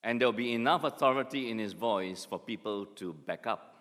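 A man preaching a sermon as pastor, telling stories with lively acted asides. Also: medium pitch, brisk. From Singapore. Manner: animated storytelling with acted asides. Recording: long hall reverb.

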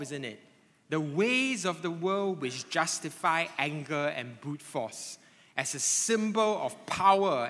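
Animated male preacher in a reverberant hall. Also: on the high side. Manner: animated preaching with frequent tag questions. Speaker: pastor. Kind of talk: sermon.

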